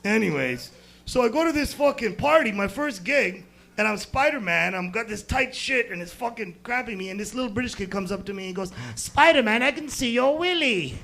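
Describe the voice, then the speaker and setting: Young American stand-up comic, crude and rambling, loud bursts then mutters; high, gravelly voice. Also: male voice, expressive, brisk. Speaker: stand-up comedian. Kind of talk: stand-up set at an open mic.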